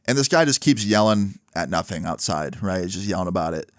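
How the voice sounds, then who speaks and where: A man's voice: low-pitched, animated, a little fast, no echo, clean studio sound. A young man telling a personal story casually, dropping "like" and "right?" often. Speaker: vlogger. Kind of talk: storytime monologue.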